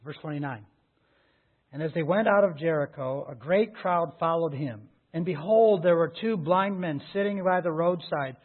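A pastor delivering a sermon in a high, light male voice. He preaches earnestly and presses his listeners with rhetorical questions. The sound is thin and tinny, as if heard over a phone line. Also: moderate pace.

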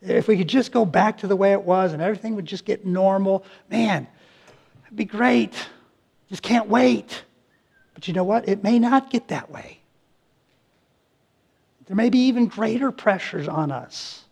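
A man's voice: high voice, unhurried, creaky, pauses often, darkish tone, breathy edge. A middle-aged male pastor preaching a sermon, emphatic, repeating phrases and restarting his sentences.

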